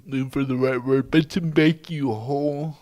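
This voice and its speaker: A man's voice: medium pitch, steady tone, darkish tone, no room sound. A man who is a guest speaker, telling stories and speaking earnestly about faith in a podcast interview. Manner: slow, deliberate, earnest, faith-based.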